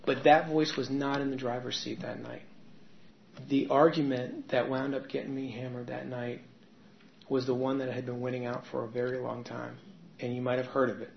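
A man speaks candidly and conversationally, sharing his own story with a meeting. His voice is gravelly at a middling pitch. The sound is dull and roomy, with faint noise underneath. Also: level tone, moderate pace. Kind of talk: personal testimony to a meeting. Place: meeting room with an audience. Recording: echoey room, dull lo-fi sound.

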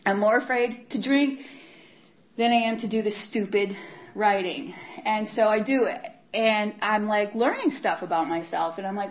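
Woman giving a candid recovery testimony, halting with fillers; mid-pitched voice on a dull, lo-fi recording. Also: lively intonation. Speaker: speaker sharing her recovery story. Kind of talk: personal testimony talk.

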